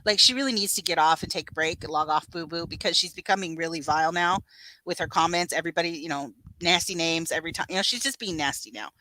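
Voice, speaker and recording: A woman chatting on a livestream with a bright, sharp voice. She talks bluntly and swears freely as she answers comments. The sound is dry and close. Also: lowish voice, quick pace, no echo, low-quality recording. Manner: blunt, profane, reads viewer comments. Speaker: livestream co-host. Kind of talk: casual livestream chat.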